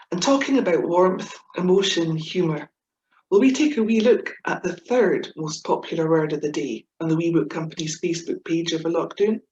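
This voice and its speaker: A woman's voice: fairly low pitch, echoey room, dull audio. A Scottish woman from Inverness, a writer giving a chatty, playful webinar talk with Scots words dropped in. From Scotland, Inverness. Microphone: video call.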